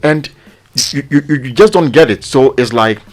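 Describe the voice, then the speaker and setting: A man's voice: mid-range voice, lively intonation, moderate pace. A Ghanaian man on a radio panel, speaking earnestly and with frustration, often repeating words as he builds a point. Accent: Ghanaian English. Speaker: newspaper review panelist.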